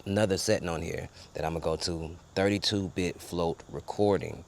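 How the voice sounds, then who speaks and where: Low, gravelly man testing a mic outdoors. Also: steady tone, a little fast, hardly any pauses, slight background noise. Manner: loose, rambling, addresses viewers directly. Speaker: gear reviewer. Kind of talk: casual microphone sound test. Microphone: wireless clip-on microphone. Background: faint ambience with people around.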